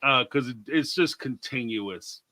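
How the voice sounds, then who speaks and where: A man's voice: mid-range voice, a little slow, sharp tone, no echo. A man from Atlanta, hosting a casual chat and reading viewer comments. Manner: chatty, laughs often, reads viewer comments aloud. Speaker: host.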